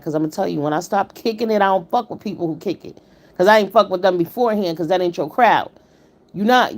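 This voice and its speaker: A woman hosting a live stream, giving blunt, emphatic and profane commentary while greeting her viewers. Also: medium pitch. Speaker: livestream commentator.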